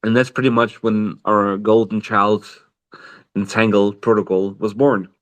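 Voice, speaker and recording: A man with a lowish voice speaks in a loose, halting way, pausing on fillers and restarting his sentences. He answers interview questions over an online voice call in a relaxed, casual manner. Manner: hesitant, many fillers and restarts. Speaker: project co-founder, guest. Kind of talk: casual interview answers on a live audio chat.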